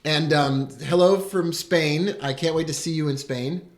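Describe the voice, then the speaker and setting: Excitable man hosting a live stream. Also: fairly high pitch, unhurried. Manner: excitable, enthusiastic, greets viewers. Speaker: host. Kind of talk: live broadcast chat.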